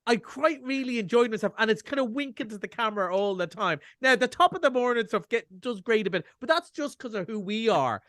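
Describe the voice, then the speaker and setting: A middle-aged Irish man reviews films on a radio show over a video call, chatty, wry and self-mocking. His voice sits extremely high with lively intonation, and he talks briskly with hardly any pauses. The tone is a bit bright, and the recording is dry and studio quality.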